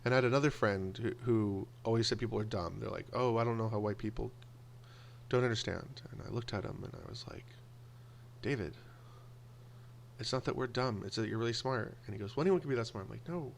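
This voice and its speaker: A man telling personal stories in a casual monologue, animated and acting out the voices of people he quotes. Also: fairly low pitch, a little fast, creaky, slight background noise. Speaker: video blogger.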